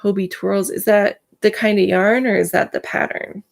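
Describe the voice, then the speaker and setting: A woman's voice: medium pitch, steady tone, moderate pace, vocal fry. A woman hosting a casual live stream, chatting to viewers by name, full of filler words, and in pain today.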